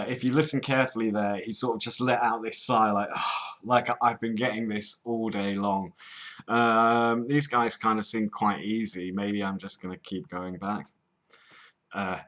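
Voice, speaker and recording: A man's voice: lowish voice, fairly bright tone. A young man from near London, chatting casually to viewers between prank calls, rambling and amused with himself. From England, near London. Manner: chatty, rambling, self-amused, lots of ums. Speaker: prank-call host.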